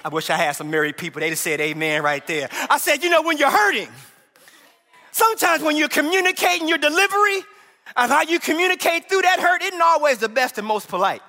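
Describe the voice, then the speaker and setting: Impassioned male pastor, high bright voice, preaching in a reverberant church hall. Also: big pitch swings, a little fast. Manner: impassioned, rising to shouts when voicing cries to God. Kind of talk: sermon.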